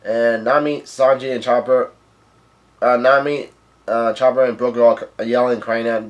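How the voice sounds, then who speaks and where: A man hosting a casual reading recap of a manga, halting and stumbling over names as he narrates. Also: medium pitch, little pitch movement. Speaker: manga reader and video host.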